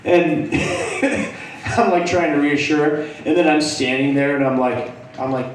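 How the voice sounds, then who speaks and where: A man's voice: a little high, measured pace. A young man doing stand-up comedy, telling a profane story and acting out the people in it. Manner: profane, animated, acts out characters. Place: comedy club stage. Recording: echoey room from a distance, faint noise.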